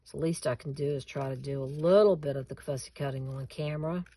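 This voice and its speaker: A woman's voice: low voice, fairly even intonation, quick pace, dark tone, breathy edge. A woman hosting a casual craft tutorial at home, chatting with viewers and laughing at herself as she cuts and glues.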